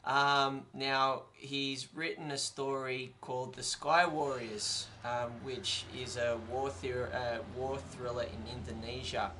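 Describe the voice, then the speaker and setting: A man's voice: mid-range voice, flat delivery, slow, few pauses, bright, forceful tone, slight background noise. A man hosting a casual podcast chat, full of ums and dry sarcasm. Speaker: podcast host.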